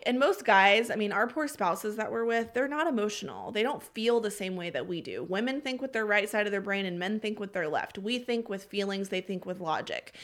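A woman's voice: mid-range voice, fairly bright tone. A woman, hosting a faith-based podcast and talking earnestly and heartfelt, close to tears. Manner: earnest, heartfelt, confessional, addresses listeners as y'all and friend. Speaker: podcast host.

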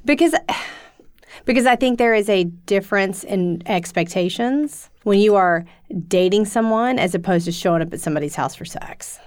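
A woman's voice: mid-range voice, normal speed. Frank, questioning woman podcaster. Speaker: podcast co-host. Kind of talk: casual chat.

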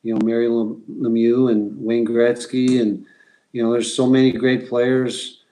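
A middle-aged man, a former pro hockey player, telling relaxed stories in an interview with many fillers and restarts. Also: mid-range voice, a little slow, poor audio.

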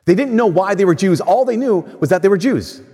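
A man's voice: high-pitched, animated, fairly quick, warm tone, slightly rough. A man giving a casual, conversational sermon, telling stories and acting out what people said. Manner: conversational storytelling, acts out quoted voices. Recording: long church reverb.

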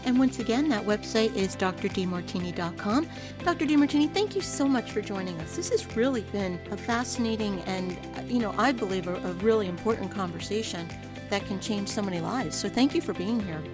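A woman's voice: mid-range voice, brisk, music in the background. A woman hosting a radio talk show, thanking her guest and reading the closing announcements. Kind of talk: scripted radio show outro.

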